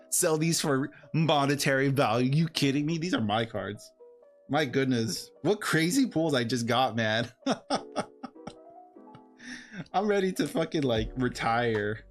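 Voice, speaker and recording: A man streaming live, chatting casually and rambling while he opens a box of cards, getting excited and laughing often. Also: medium pitch. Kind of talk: casual livestream chat while opening cards.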